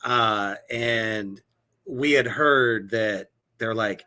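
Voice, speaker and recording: A man's voice: on the low side, very slow, sharp tone. A man hosting a podcast, chatting casually and enthusiastically, relating to his guest with his own story. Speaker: podcast host. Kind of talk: casual chat.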